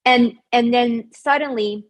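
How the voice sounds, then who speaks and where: A woman tells her own story as a guest, in a casual, lively way. She leans on "like" as a filler and acts out what she and others said. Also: a little high, takes it slowly. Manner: animated, acts out quoted voices; frequent fillers like "like". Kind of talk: personal storytelling.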